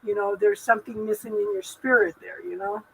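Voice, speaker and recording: A woman hosting a live spiritual talk stream from her home, rambling gently through spiritual advice with lots of fillers and restarts. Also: medium pitch, fairly even intonation, fairly quick, gravelly, husky, rough recording. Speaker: host.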